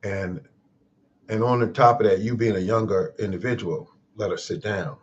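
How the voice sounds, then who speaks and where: A man's voice: on the low side, steady tone, moderate pace, muffled recording, a little hiss or hum. A man hosting a casual live stream, telling a reflective, moralizing story in a rambling way. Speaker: host of a live-stream gardening show.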